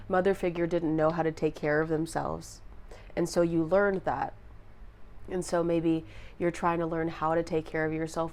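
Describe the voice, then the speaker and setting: A young woman with a slightly low voice reads tarot cards for her viewers. She talks in a halting, heartfelt way, pausing and restarting as she goes. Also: a little mellow. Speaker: tarot reader. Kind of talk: intuitive tarot reading to viewers.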